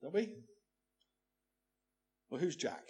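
A man's voice: a little high, big pitch swings, takes it slowly, darkish tone. A man preaching a sermon, emphatic, often ending points with rhetorical questions.

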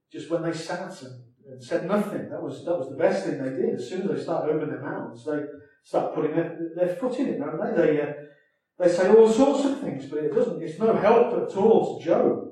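A man's voice: fairly high pitch, animated, normal speed, warm tone, far from the mic. A man preaching a sermon in a conversational way, often adding tag questions and restarting his phrases. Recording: echoey hall, voice from off mic.

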